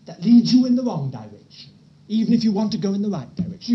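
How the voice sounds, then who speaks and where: A preacher giving a sermon in an earnest, pleading way, talking straight to the listeners and swinging from loud, stressed words to hushed near-whispers. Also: medium pitch, sing-song, brisk, lo-fi sound.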